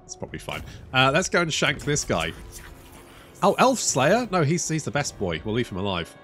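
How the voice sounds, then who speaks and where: A man's voice: mid-range voice, sing-song, quick pace, bright, forceful tone. A man giving casual, rambling let's-play commentary over a strategy game, swearing freely and poking fun at himself. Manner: rambling, sweary, self-mocking. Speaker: gaming YouTuber.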